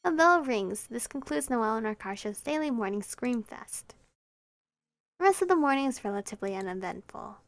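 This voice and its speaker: A woman playing a visual novel, reading its narration aloud in a lively, expressive way. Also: a little high, moderate pace, dry recording. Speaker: video game player. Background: faint game music.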